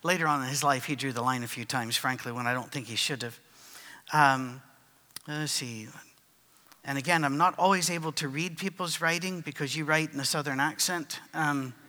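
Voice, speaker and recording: A man's voice: a little high, moderate pace, sharp tone, in a large hall. A man preaching and answering written questions from the audience, in a conversational storytelling way with fillers and restarts.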